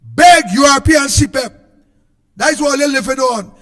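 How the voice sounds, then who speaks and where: Shouting Trinidadian man, very high-pitched. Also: normal speed, long reverb tail. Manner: shouting, sing-song, repetitive. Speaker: political speaker. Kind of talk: impassioned political speech.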